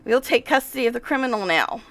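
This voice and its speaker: A woman reading the lines of a stern, cold male inquisitor from a video game, in her own high, gravelly voice. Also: expressive, fast, fairly bright tone. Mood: formal.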